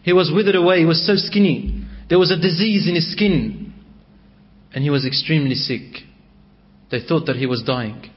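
A man's voice: a little high, moderate pace. A man telling a religious story in a dramatic, emotive way, dropping in Arabic phrases, on a dull lo-fi recording.

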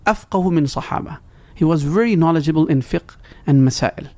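A man's voice: on the high side, quick pace, a little mellow. A man as a guest scholar, earnestly explaining in broken English and reciting quoted Arabic phrases. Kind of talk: explaining in conversation.

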